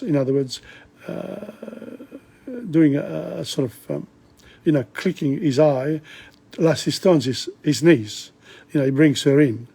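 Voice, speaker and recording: Chatty man teaching French, husky voice. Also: fairly high pitch, dark tone. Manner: chatty, laughs often, breaks off to explain; switches between French lines and English glosses. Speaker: language teacher. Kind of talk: reading and translating a French play aloud.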